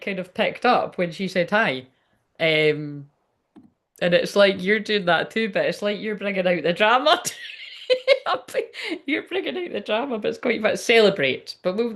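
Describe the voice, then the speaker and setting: Scottish woman, live tarot reading, blunt and sweary, chatty with fillers, mid-pitched voice. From Scotland. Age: adult, ten years online. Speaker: spiritual reader on a livestream.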